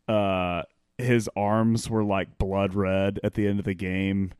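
A man's voice: lowish voice, level tone, slow pace, a little mellow, clean tone, no echo, studio quality. A man co-hosting a casual sports podcast, enthusiastic and rambling, laughing as he talks. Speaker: podcast co-host.

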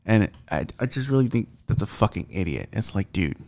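A man's voice: fairly low pitch, sing-song, fairly quick, vocal fry, dark tone. A young man hosting a solo podcast, rambling and swearing, with many fillers and restarts. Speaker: podcast host. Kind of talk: casual solo podcast rant.

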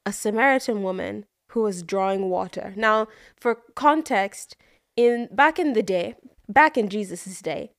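A woman co-hosting a casual podcast, retelling a story with lively energy. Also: mid-range voice, a little slow, no echo, studio quality. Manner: animated storytelling, acts out voices in quotes. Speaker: podcast co-host. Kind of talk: casual chat.

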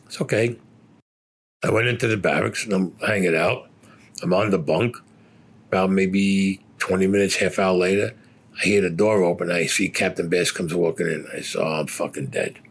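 The voice is deep, steady and husky, with vocal fry, at normal speed. It belongs to an older Brooklyn, New York man who, as an interviewee, bluntly tells profane stories about his past, swearing constantly and acting out quoted dialogue.

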